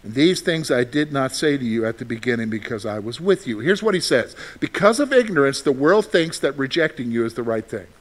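A middle-aged man preaching a sermon, asking the congregation rhetorical questions and swinging between loud emphasis and quiet asides. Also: medium pitch, lively intonation, a little fast, hardly any pauses. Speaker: pastor.

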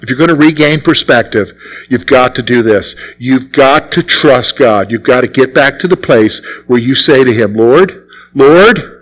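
A man's voice: mid-range voice, moderate pace, a bit bright, low-quality recording. A man preaching a sermon as pastor, emphatic and repeating his key phrases.

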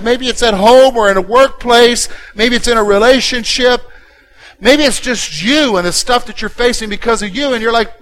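A male pastor delivering a sermon, dropping to a quiet intimate tone and then rising loud and emphatic. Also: high-pitched, fairly quick, rough recording. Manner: dynamic preaching, swinging from hushed to loud and emphatic.

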